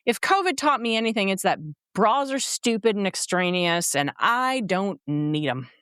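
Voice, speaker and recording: A woman's voice: medium pitch, animated, a bit bright, clear, resonant tone, dry recording, clean studio sound. A woman co-hosting a romance book podcast, blunt and playful in casual chat. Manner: blunt, playful, quick to dismiss. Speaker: podcast co-host reviewing romance novels.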